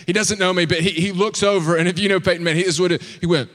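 A man in his thirties preaching in church, telling a funny story in an animated, excitable, self-mocking way. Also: sits high, very fast. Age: 30s. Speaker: pastor. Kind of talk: humorous storytelling sermon. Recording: long hall reverb.

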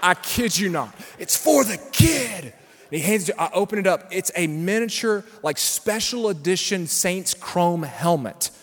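A male pastor telling a story in a sermon, then rising into loud, shouted preaching in a large church. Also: sits high, lively intonation, normal speed, a little hiss or hum. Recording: long hall reverb.

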